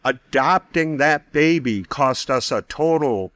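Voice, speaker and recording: A man's voice: medium pitch, takes it slowly, no room sound. Man telling a story, dry recording. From United States. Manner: conversational, animated, acts out quoted voices. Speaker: guest storyteller. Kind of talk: personal testimony storytelling.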